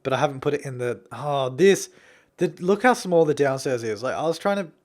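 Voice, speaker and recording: A man's voice: mid-range voice, animated, fairly quick, a little mellow. A young Australian man talking casually over his building gameplay, rambling, chuckling and self-deprecating. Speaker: game builder commentator.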